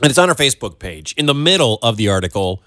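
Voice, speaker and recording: A man's voice: mid-range voice, sing-song, fast talker, pushed and bright, no echo, clean studio sound. A man co-hosting a radio show, bantering in a joking, incredulous way. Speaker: radio co-host. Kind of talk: casual radio chat.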